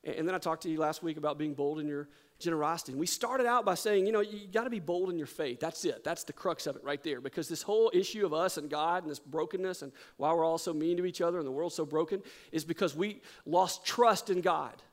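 Preaching a sermon, a middle-aged male pastor tells a story, shifting from animated delivery to hushed intensity. His voice is on the high side and his pace fast.

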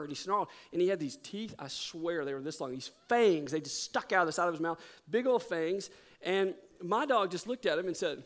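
A middle-aged male pastor preaching a sermon, telling a story with animated delivery that drops to hushed intensity. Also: sits high, moderate pace.

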